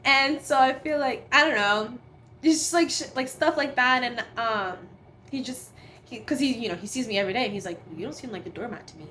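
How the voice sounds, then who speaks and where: A woman's voice: on the high side, normal speed, bright, forceful tone, slight background noise. A young adult woman chatting casually as a podcast guest, laughing often and full of fillers. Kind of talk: casual chat.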